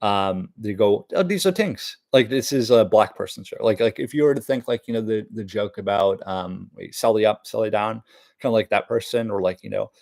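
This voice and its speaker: A man's voice: fairly low pitch, fairly even intonation, brisk, gravelly, darkish tone, no echo. A man rambling casually through news topics, full of fillers and cursing. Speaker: vlogger reading the news.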